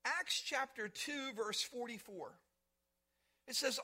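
A man preaching a sermon in a high, very bright voice. He repeats his phrases for emphasis and calls on the congregation to say words back to him. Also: animated, moderate pace. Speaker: pastor.

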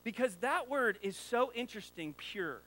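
Man, pastor, high voice, casual joking sermon with rhetorical questions. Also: animated, normal speed, fairly bright tone, low-quality recording. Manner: conversational, jokey preaching with rhetorical questions.

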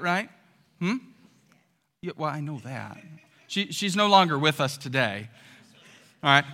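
A man's voice: high-pitched, sharp tone, long reverb tail. A man pastor preaching a conversational sermon to his congregation in a church, often asking them rhetorical questions.

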